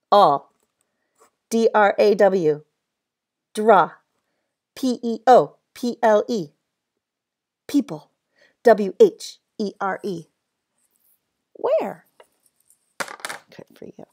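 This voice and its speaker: Woman teacher doing a kids phonics lesson, spells stuff out real slow, kinda gravelly voice. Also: on the low side. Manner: slow, spells words letter by letter; encouraging. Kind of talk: phonics lesson for young children.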